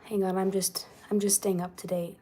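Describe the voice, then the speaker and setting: A woman's voice: medium pitch, level tone, normal speed, dark tone, slight background noise. A young woman, a singer, livestreaming from her small home and chatting casually with her viewers, giggling often and reading their comments aloud. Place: small home basement apartment.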